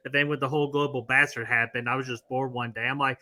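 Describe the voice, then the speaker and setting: A man with a very bright, sharp-edged voice co-hosts a movie review chat. He tells energetic anecdotes and swears in a casual way. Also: mid-range voice, fast, few pauses. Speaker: podcast co-host.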